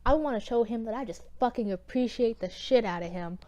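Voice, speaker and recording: A man's voice: very high voice, a little fast, darkish tone, muffled recording. A woman voicing a casual, impulsive ancient king who swears and drawls offhandedly. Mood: enthusiastic.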